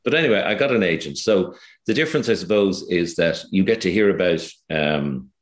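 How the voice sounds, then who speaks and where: An Irish actor talking casually as an interview guest, hesitant, with many fillers and restarts. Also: male voice, low-pitched, expressive, brisk, roomy sound.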